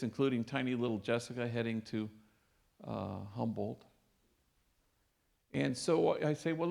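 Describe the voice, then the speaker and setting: Gravelly-voiced priest telling stories. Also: male voice, medium pitch. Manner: warm anecdotal storytelling with Spanish phrases. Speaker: priest and speaker. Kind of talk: storytelling lecture. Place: lecture hall.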